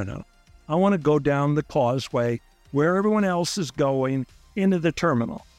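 A man's voice: medium pitch, a little mellow, dry recording. A man, a lawyer, telling his own story in an interview and acting out other people's lines with animation.

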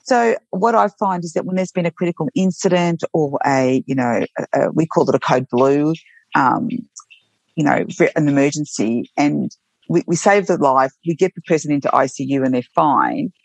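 A woman's voice: deep voice, normal speed, gravelly, dry recording. A woman who works as a nurse, telling heartfelt stories from her work in an earnest, reflective way with frequent restarts. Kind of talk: reflective storytelling interview.

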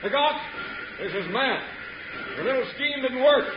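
An actor playing a scheming masked outlaw boss in an old radio western, taunting and giving orders. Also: male voice, very high-pitched, animated, unhurried. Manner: taunting, commanding. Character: scheming masked villain boss, adult man. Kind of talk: 1950s radio drama acting. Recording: echoey dull old radio broadcast with hiss.

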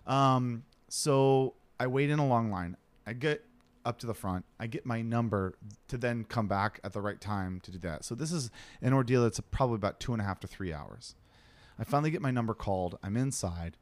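A man's voice: medium pitch, moderate pace, no echo. A man telling a story in casual chat, swearing freely and acting out the other people in it. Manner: animated, swearing, acts out other people's lines.

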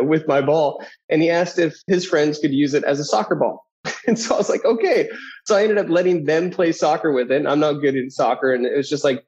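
A man in his thirties, a guest telling personal stories in an animated way, who often acts out the voices of people in his anecdotes. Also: medium pitch. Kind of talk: personal storytelling. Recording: dull lo-fi audio.

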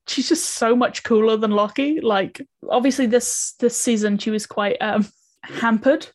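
A woman's voice: mid-range voice, no echo. Young woman co-host, chatty, laughing a lot, casual podcast chat. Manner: chatty, laughs often, many fillers. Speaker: podcast co-creator.

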